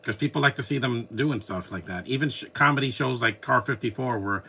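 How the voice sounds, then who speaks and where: A man's voice: mid-range voice, fairly quick, vocal fry, pushed and bright, husky. A man giving casual, opinionated commentary while watching a film, rambling and restarting his sentences.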